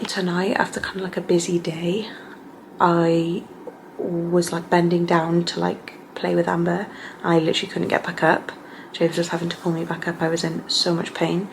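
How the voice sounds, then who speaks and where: A woman's voice: lowish voice, completely flat delivery, normal speed, gravelly, background noise. A young woman and mother talking candidly to camera at home, full of fillers and feeling. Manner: candid, emotional, many fillers like "like". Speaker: vlogger, mother. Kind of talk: casual vlog chat to camera. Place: home bedroom.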